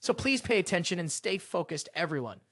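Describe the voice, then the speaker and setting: Cheerful woman magic teacher, read by a narrator, lively, dry sound. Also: medium pitch, a little fast, dry recording, pitched below the performer's own voice. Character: cheerful female magic professor.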